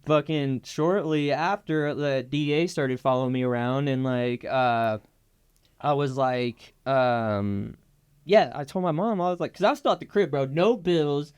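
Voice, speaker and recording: A man's voice: a little high, a little slow, a little mellow, clean tone. A young man in a casual interview, telling a story in a laid-back, slangy way with lots of fillers. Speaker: guest.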